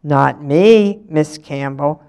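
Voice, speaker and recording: A woman voicing a cheeky, sullen young schoolboy, slow and dismissive. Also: sits low, a little mellow, smooth, heavily acted.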